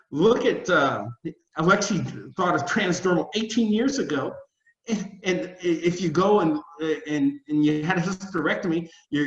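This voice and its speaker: Man, rambling and emotional, slightly high voice, echoey dull video-call sound. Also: a bit bright. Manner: rambling, repeats words, emotional. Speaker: company spokesman. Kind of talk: casual video-call talk.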